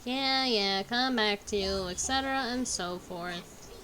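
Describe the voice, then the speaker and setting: A woman's voice: mid-range voice, a little slow, pushed and bright, slight background noise. A young woman streaming a game, humming tunelessly as she plays and making dry, sarcastic remarks. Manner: hums along while playing, dry and sarcastic. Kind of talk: casual gameplay chat.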